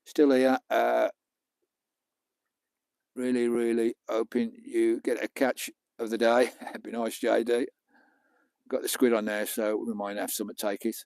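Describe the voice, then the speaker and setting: Chatty British man with a dark voice. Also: medium pitch, level tone, measured pace, creaky, pauses often, smooth, no echo. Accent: British English. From England. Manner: chatty, banters with viewers, mild swearing. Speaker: vlogger live-streaming. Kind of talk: casual live-stream chat. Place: outdoors on a beach at night.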